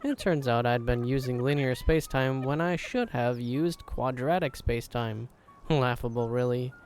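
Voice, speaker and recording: Man reading as a scatterbrained game inventor tanuki, breezy, offhand, rambling, middle pitch. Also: lively intonation, moderate pace, darkish tone, a little hiss or hum, lightly acted. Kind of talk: reading game dialogue aloud.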